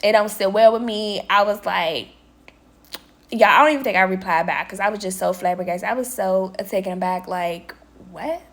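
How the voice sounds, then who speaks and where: A woman's voice: medium pitch, normal speed. A young adult woman vlogging a casual storytime, chatty and dramatic, acting out her own exclaimed reactions and talking straight to her viewers. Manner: animated, dramatic retelling with exclaimed quotes; chatty, addresses viewers as y'all. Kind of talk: casual storytime while working.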